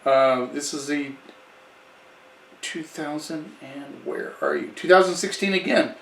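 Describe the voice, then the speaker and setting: A man's voice: fairly high pitch, unhurried, gravelly, far from the mic. A man giving a casual wine tasting review in a chatty way, often restarting and correcting himself. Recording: echoey room, away from the mic.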